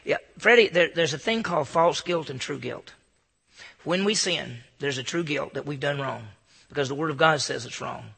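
A man's voice: a little high, normal speed, gravelly, sharp tone, breathy edge, in a large hall. A man giving an earnest, informal devotional talk to a group in a room, often stammering and restarting his sentences. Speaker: Christian speaker.

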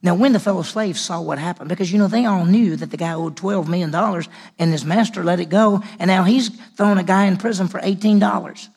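Gravelly high-voiced man preaching. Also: a little fast, hardly any pauses. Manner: dramatic swings from loud emphasis to hushed near-whisper. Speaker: pastor. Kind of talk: sermon.

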